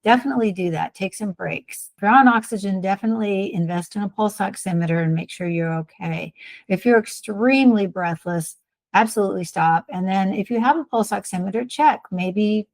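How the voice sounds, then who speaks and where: A woman's voice: medium pitch, fairly quick, vocal fry, darkish tone, no room sound. A woman co-hosting a health podcast, giving plain-spoken, encouraging advice on exercise and breathing like a respiratory therapist. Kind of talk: casual advice chat.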